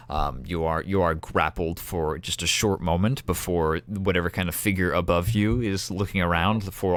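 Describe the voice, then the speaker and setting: A man narrating a tabletop game as game master, in casual, filler-heavy speech. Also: sits low. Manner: casual, filler-heavy narration with sudden loud acted shouts.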